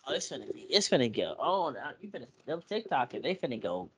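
A man co-hosting a podcast, chatting casually. He rambles through stories in loose slang and keeps breaking into laughter. His voice sits at an ordinary middle pitch. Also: fast talker, crowd noise. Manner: laughing, lively storyteller. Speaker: podcast co-host. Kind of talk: casual chat.

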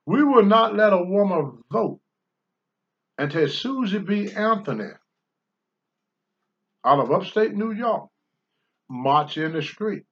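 An older man on a talk show, blunt and preachy, swinging from low mutters to loud outbursts. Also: expressive, slow pace, long pauses, lo-fi sound. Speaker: podcast host, former wrestler. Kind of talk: candid talk-show commentary.

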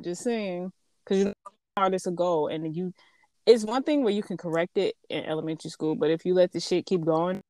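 A woman's voice: fairly low pitch, a little fast, a little mellow, dry recording. A woman and mother speaking in a casual chat, blunt and emphatic, swearing freely. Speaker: podcast co-host and mother.

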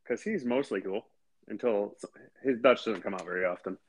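A man's voice: on the low side, brisk. A man co-hosting a casual podcast, laid-back and wisecracking with some swearing. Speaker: podcast co-host.

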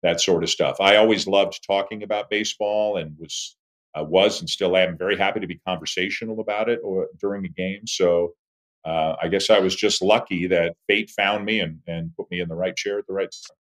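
A man in his fifties, a sportscaster, telling stories about his career as an animated interview guest. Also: fairly quick. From Toronto, Canada. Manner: animated storyteller, lively swings in pitch and volume. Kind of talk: conversational interview storytelling.

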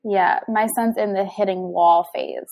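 A woman joining a casual chat as co-host. She mostly offers short, supportive reactions and light laughs. Her voice sits at a middle pitch. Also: unhurried, creaky, a little mellow. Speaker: podcast co-host.

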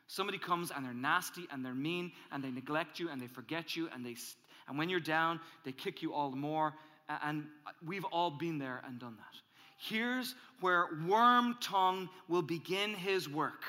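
A male pastor preaching a sermon, animated and emphatic, acting out angry inner voices as he builds. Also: normal speed. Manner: animated, acts out angry inner voices, rises in pitch and volume when emphatic. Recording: hall reverb.

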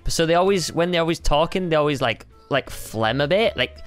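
A man's voice: on the high side, lively intonation, fairly quick, clean tone, faint music behind. A man co-hosting a casual podcast chat, teasing his friend with fillers and laughs. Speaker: podcast co-host.

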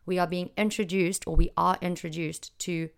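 A woman hosting a casual solo podcast from a small home office, chatty and excitable, rambling a little. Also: on the low side, normal speed, gravelly, clear, resonant tone. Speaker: podcast host.

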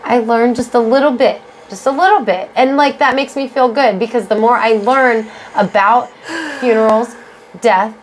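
A woman's voice: a little high, moderate pace, slight background noise, poor audio. A woman co-hosting a podcast in casual chat, rambling with many fillers and light joking. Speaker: podcast co-host.

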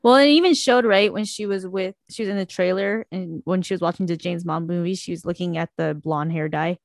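A woman co-hosting a podcast in casual chat, eager and quick to laugh. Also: fairly low pitch, vocal fry, no echo. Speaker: podcast co-host. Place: video call.

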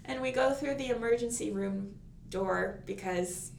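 A young adult woman telling a personal story in a casual, animated way, acting out what people said. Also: medium pitch, a little slow, vocal fry. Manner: animated, acts out quoted voices. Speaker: guest telling a birth story. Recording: echoey room, faint noise.

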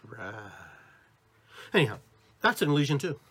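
Husky-voiced American man, lively spiritual talk. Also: medium pitch, normal speed, dry recording. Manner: animated, demonstrating inflections. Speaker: podcast host.

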